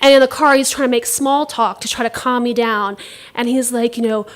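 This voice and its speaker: High-voiced woman telling a wry story. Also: steady tone, fairly quick. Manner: wry, laughing asides. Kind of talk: live first-person storytelling. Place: theater stage.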